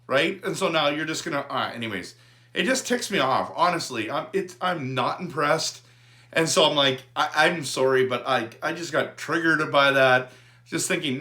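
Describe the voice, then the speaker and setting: A man hosting a fan channel, ranting about a sports figure in an animated, repetitive way. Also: fairly high pitch, moderate pace. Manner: animated, repetitive, restarts words. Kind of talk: fired-up fan rant to camera.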